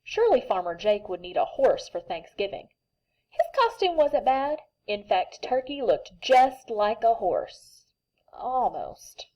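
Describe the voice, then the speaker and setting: A woman's voice: fairly high pitch, unhurried, highs cut off. A woman teaching kindergarten, reading a picture book aloud and asking the children questions. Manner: animated, asks the children questions.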